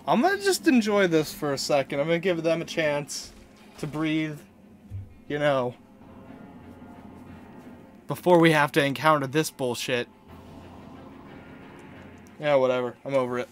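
An excitable man talks through a video game with a fairly high, lively voice that swings up and down. He exclaims often and swears freely as he plays. Faint game music hums behind him. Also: unhurried, pauses often. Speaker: video game let's-player. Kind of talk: casual gameplay commentary.

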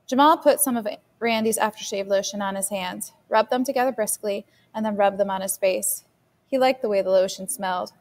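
A woman teacher reading a novel chapter aloud for her class in a steady storytelling manner. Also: mid-range voice. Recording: long reverb.

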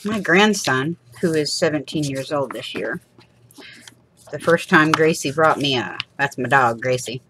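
A woman with a low, animated, slightly slow voice chats and rambles casually as she crafts for her channel, with noise in the background. She laughs often and acts out little quoted voices.

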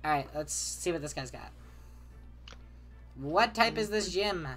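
A woman hosting a casual let's-play with friends on a voice call, excitable and swearing freely as she talks over the others. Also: lowish voice, unhurried, faint music behind. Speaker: host and player.

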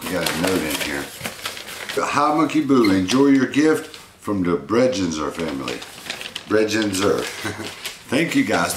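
A man's voice: low voice, echoey room, background noise. A man casually unboxing fan mail and talking sweetly to his pet monkey. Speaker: pet vlogger.

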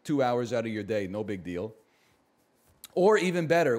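A man streamer in his thirties riffs in casual, sarcastic banter. He rants in quick bursts and keeps a mocking edge, his voice sitting at an ordinary middle pitch. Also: sing-song, a little mellow. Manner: sarcastic, ranting, mock voices at high pitch.

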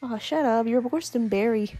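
Giggly gamer lady chatting thru her playthrough, kinda high voice, faint game music. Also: normal speed, mellow, dry recording. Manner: giggly, chatty, self-deprecating. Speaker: let's-play host. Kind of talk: casual game commentary.

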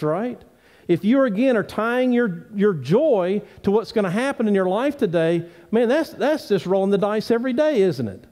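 Earnest male pastor preaching. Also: high-pitched. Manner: earnest preaching with rising emphatic pleas and quieter asides. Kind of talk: sermon. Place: church sanctuary.

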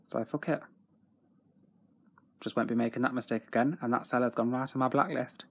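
Excitable, foul-mouthed young man. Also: medium pitch, brisk, breathy edge. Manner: excitable, swears freely. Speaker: autograph collector vlogger. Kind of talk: casual video diary.

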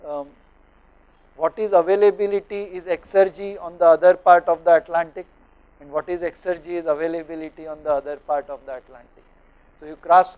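A middle-aged man from India explaining thermodynamics to teachers in a lecture studio, pausing often with fillers as he works through examples. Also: fairly high pitch, a little mellow, poor audio.

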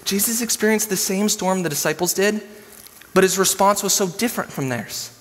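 High-voiced, casual young pastor preaching. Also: male voice, fairly quick, slight background noise. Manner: casual, animated storytelling with slang. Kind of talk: sermon. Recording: long hall reverb.

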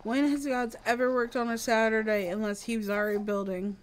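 Streaming a game, this young East Coast American woman keeps the live chat playful and calls herself dramatic. She talks fairly quickly in a higher voice that doesn't move much in pitch.

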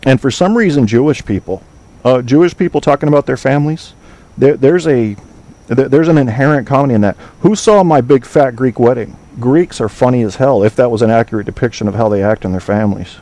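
A man's voice: medium pitch, a little fast, mellow. A man hosting an online talk show, chatting casually with listeners, rambling, swearing and trailing off while he hunts for names. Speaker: podcast host.

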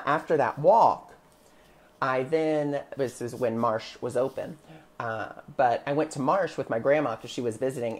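Chatty woman with a really low deep voice, livestreaming, animated storyteller. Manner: chatty, animated, answers viewers by name. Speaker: spiritual guide who sees clients.

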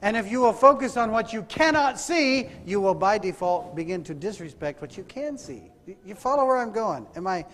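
In a church sanctuary, a man preaches a sermon, asking his congregation rhetorical questions and calling for amens. His voice is high-pitched and a bit bright, with lively intonation, a moderate pace, and hardly any pauses, and the recording carries hall reverb.

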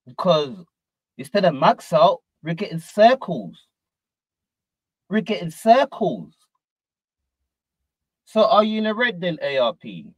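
A man's voice: sits high, slow pace, long pauses, no echo, low-quality recording. A man hosting a reaction show, commenting animatedly and calling out names in repeated bursts. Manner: animated, repetitive, calls out names. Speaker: host.

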